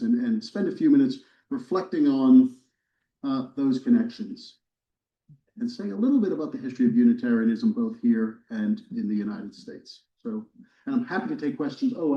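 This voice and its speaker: A man, a history professor, giving a relaxed, wry lecture to a church audience, with casual fillers and restarts. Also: medium pitch. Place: church hall, recorded live. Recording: roomy, distant, dull lecture recording.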